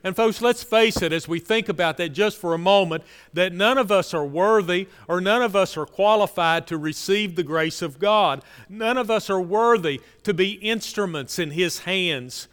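A fairly high-voiced man preaching in a church sanctuary, his words ringing with a long reverb. His tone is smooth and resonant, and he repeats key phrases for emphasis before falling to quiet, low lines. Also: moderate pace, hardly any pauses. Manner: earnest preaching, repetitive emphasis, drops to soft low lines. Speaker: pastor. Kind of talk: sermon.

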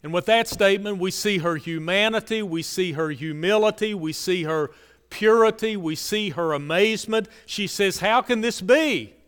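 Earnest preacher in a reverberant hall. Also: male voice, normal speed, clean tone. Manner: earnest preaching, repetitive emphasis, drops to soft low lines. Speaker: pastor. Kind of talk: sermon.

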